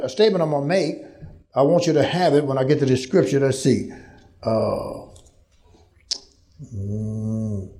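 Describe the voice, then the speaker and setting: Man preaching, high voice, shouting at peaks, congregation audible behind. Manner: call-and-response, rising to shouts. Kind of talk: sermon. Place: large church hall with congregation. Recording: crowd noise from congregation.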